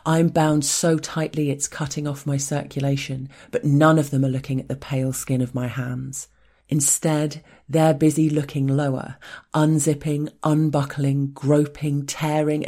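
A woman reading a first-person story in a hushed, intimate voice that often drops close to a whisper. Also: rumbling low.

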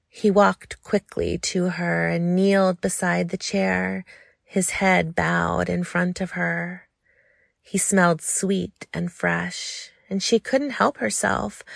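A woman reads a story aloud in a slow, lingering, intimate way. Her voice is lowish and gravelly with a touch of fry. The recording is close and dry, with no room sound. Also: flat delivery, no echo. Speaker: narrator. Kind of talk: scripted story narration.

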